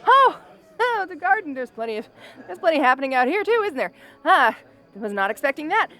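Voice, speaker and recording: A woman's voice: high-pitched, big pitch swings, a little fast, pushed and bright, full character voice. A woman voicing a brash but anxious young orc woman in an audio role-play, stammering, laughing nervously and insisting she is fine. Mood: nervous bravado.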